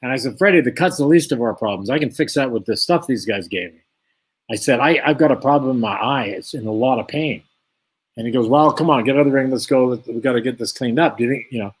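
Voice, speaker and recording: His voice is medium-pitched and slightly rough, and he talks at a quick pace. As an interview guest and ex-boxer, he tells a long boxing story with animation, performing both sides of each conversation.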